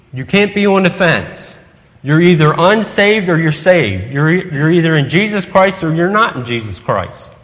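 A man with a high, light voice preaches an earnest evening sermon and keeps asking the congregation questions. His words ring out with a long reverb, as in a church hall. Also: fairly bright tone.

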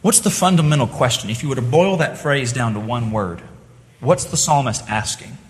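A man's voice: mid-range voice, normal speed, big-room sound. A man preaching a sermon, earnest in tone, rising to impassioned cries when he voices the psalmist's pleas. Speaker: pastor.

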